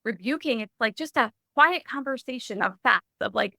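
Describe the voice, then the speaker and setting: A young adult woman sharing a personal story in a podcast interview, animated and full of "like" and restarts. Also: a little high, normal speed, vocal fry, no room sound. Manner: animated, heavy use of "like", frequent restarts. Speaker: podcast guest.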